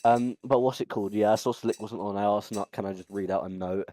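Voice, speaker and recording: Rambling man, low voice. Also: steady tone, fast talker, warm tone, no room sound. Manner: rambling, stumbling, lots of ums and restarts. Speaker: podcast host. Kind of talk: casual chat.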